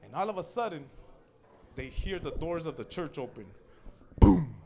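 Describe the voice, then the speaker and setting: Young LA guy doing a cussing comedy story at an open mic, high voice, all over the place, yelling out the voices. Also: normal speed. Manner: profane, animated, acts out voices and shouts. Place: small cafe open mic stage.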